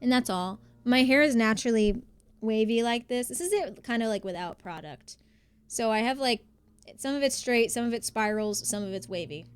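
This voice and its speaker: A young woman talks loosely to her stream, circling back on herself with fillers and restarts. Her voice sits a little on the high side. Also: normal speed, smooth. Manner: rambling, chatty, many fillers and restarts. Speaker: livestreamer. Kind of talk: casual live-stream chat.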